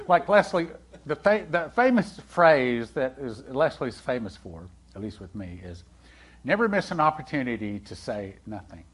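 A man preaching a sermon in a conversational way, asking the congregation questions and swinging between loud and hushed delivery. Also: mid-range voice, normal speed, husky. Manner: animated, swings from loud to hushed, acts out quoted dialogue.

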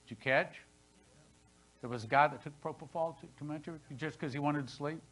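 A man in his sixties preaching a sermon as pastor, with dramatic swings between loud and hushed delivery. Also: a little high, brisk, rough recording. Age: 60s. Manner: dramatic preaching, voice rising and falling sharply. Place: church sanctuary.

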